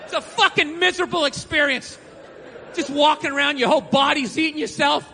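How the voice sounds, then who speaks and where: A man doing a stand-up comedy rant on a theater stage, sarcastic and profane, often shouting. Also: extremely high pitch, fairly even intonation, fairly quick, creaky, a faint crowd, a little hiss or hum. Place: theater stage before a live audience. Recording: long hall reverb with faint ambience.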